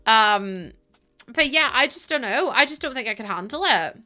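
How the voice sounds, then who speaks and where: A young woman, streaming a game and chatting casually with her viewers, teasing and quick to laugh. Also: on the high side, expressive, bright, forceful tone. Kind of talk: casual live-stream chat while gaming.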